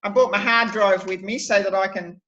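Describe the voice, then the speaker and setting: A woman's voice: mid-range voice, fairly even intonation, moderate pace, over a noisy crowd. A woman with an Australian accent chatting on a video call in a jokey, chatty way. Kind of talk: casual video-call chat. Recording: dull noisy video-call audio.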